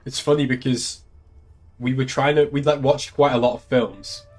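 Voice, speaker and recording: A man's voice: medium pitch, steady tone, normal speed, a little mellow, faint music behind. An English man, a young adult, chatting casually on a live stream, laughing often and swearing freely. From England. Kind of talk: casual chat.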